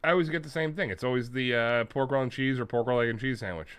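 A man's voice: mid-range voice, fast, a bit bright, smooth. A man co-hosting a podcast, chatting casually, rambling through stories and swearing freely. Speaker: podcast co-host. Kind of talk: casual chat.

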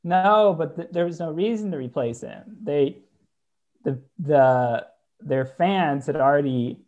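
A man's voice: on the high side, lively intonation, measured pace, a little mellow, lo-fi sound. Dry, skeptical male co-host. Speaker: podcast co-host. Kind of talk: casual podcast chat.

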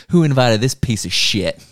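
A man's voice: mid-range voice, animated, measured pace, a bit bright, dry recording, clean studio sound. A man doing a brash foul-mouthed woman scientist. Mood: mocking. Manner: mocking sitcom delivery.

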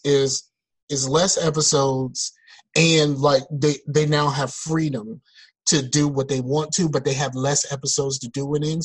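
A man co-hosting a podcast in casual chat, talking in animated, exasperated rants over a remote call. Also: a little high, husky, low-quality recording. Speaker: podcast co-host. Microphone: remote call mic.

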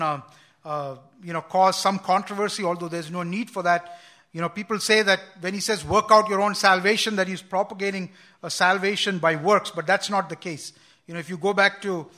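A man's voice: sits high, bright, forceful tone. A man preaching a sermon, earnest and repeating words as he quotes scripture with emphasis.

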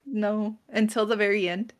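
A woman's voice: mid-range voice, little pitch movement, moderate pace, a crowd in the background. A woman co-hosting a casual podcast chat, chatty and giggly, sometimes losing her words. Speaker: podcast co-host.

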